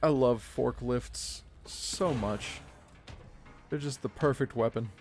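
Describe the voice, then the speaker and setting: A man's voice: medium pitch, takes it slowly, a little mellow, soft background music. A man in his thirties streaming a game live, chatting in a rambling way with his viewers between moves. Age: 30s. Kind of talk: live gameplay commentary.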